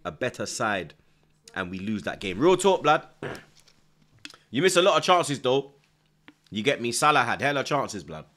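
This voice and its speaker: A man's voice: medium pitch, big pitch swings, normal speed, pauses often. Slangy man hyping a stream. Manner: slangy, repeats "blood" and "you get me"; shouts out viewers from the chat. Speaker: livestream host. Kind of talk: football watchalong chat.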